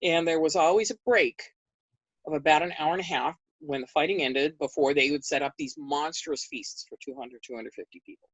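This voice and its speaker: Low-voiced woman telling a lively story. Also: a little fast, slightly rough, dry recording, highs cut off. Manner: animated, acts out quoted dialogue with big pitch jumps. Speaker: interview guest recounting history. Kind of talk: conversational storytelling.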